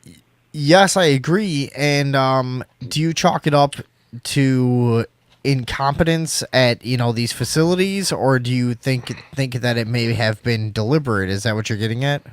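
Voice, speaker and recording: A man's voice: medium pitch, a little slow, clean tone, no room sound. Rambling, swearing talk show host, a man. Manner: rambling, many restarts. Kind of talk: casual call-in talk, swearing.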